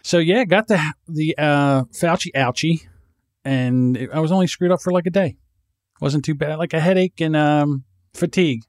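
A man's voice: on the high side, moderate pace, darkish tone, no echo, clean studio sound. A man co-hosting a podcast, rambling and swearing freely, often laughing. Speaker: podcast co-host. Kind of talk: casual podcast banter.

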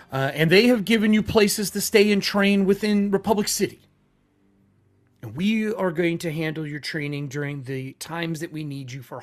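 Male game master, halting narration, slightly high voice.

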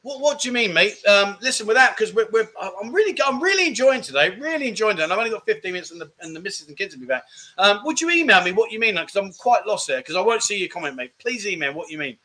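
A man's voice: sits high, very animated, quick pace, bright, forceful tone. A middle-aged British man hosting a casual live-stream chat show, reading viewer comments in a jokey, rambling way and calling people mate.

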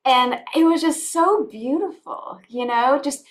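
Woman guest from the US, spiritual coach, higher voice, heartfelt and repetitive. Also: a little slow. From United States. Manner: earnest and heartfelt, repeats phrases, laughs often. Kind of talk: conversational podcast interview.

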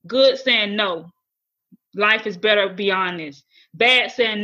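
A woman's voice: mid-range voice, sharp tone, highs cut off. Earnest woman telling her testimony. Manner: earnest, halting, repeats words. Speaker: guest sharing testimony. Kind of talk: emotional personal testimony.

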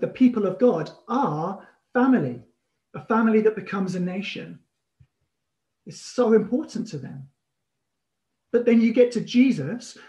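A man preaching a sermon as pastor, telling stories with animated emphasis and pauses. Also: high-pitched.

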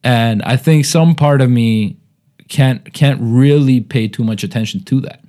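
A man's voice: mid-range voice, unhurried, mellow. A man with an American accent, a comedian hosting a podcast, talking in a thoughtful, rambling way with many fillers. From United States, Indian family. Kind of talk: casual chat.

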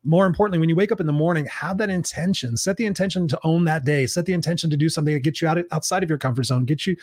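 An upbeat male host closes out his live show, thanking viewers one by one in a slightly raised voice. He sounds a little hoarse, as if his voice is going. The sound is dry and close, with no room around it. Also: on the high side, very fast, a little mellow, dry recording. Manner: upbeat, effusive, reads out viewer comments. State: losing his voice. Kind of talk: live-stream show wrap-up.

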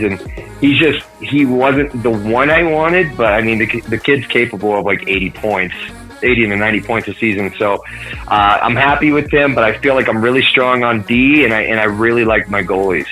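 A man's voice: lowish voice, pushed and bright, rough recording. A man in casual sports podcast chat, rambling with many fillers and restarts. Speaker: podcast co-host.

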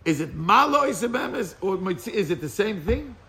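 A man leading an informal Torah class, animated and quizzing his listeners, mixing Hebrew and Yiddish terms into English. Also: high voice, fairly quick.

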